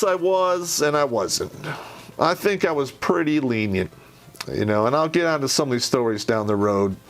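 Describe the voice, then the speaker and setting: Foulmouthed man spinning barracks stories. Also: fairly high pitch. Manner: profane, blunt, rambling with many restarts. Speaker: podcast host telling army stories. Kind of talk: casual storytelling monologue.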